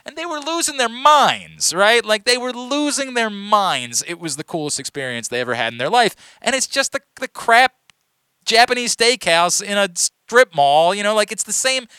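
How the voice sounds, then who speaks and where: A man chatting on a podcast, telling stories with lots of emphasis and an expressive, swooping voice. His tone is bright and crisp. The recording is dry and close. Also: high-pitched, moderate pace, dry recording. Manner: animated, emphatic storyteller. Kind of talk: casual chat.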